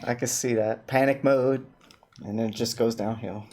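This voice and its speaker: A man's voice: mid-range voice, fairly even intonation, moderate pace, background noise. A man hosting a livestream, chatting casually with strangers and repeating words as he thinks. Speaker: livestream host. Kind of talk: casual chat on a video-chat stream.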